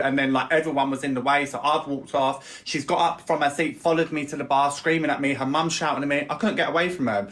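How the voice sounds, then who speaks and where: A woman, chatting casually and telling a heated story fast and animatedly, sometimes shouting impressions of other people. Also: extremely low pitch. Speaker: online creator telling a story. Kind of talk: casual gossip chat.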